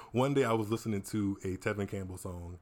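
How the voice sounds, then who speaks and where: Twenties guy on a podcast, lowish voice, animated storytelling. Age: 20s. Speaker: podcast guest. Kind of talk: casual chat, storytelling.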